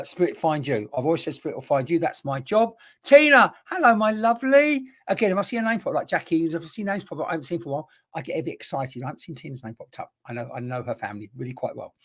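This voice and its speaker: Rambling and chatty, a man working as a spiritual medium runs a live internet reading, exclaiming and addressing both his audience and invisible spirits while relaying messages. His voice is on the high side and a little mellow.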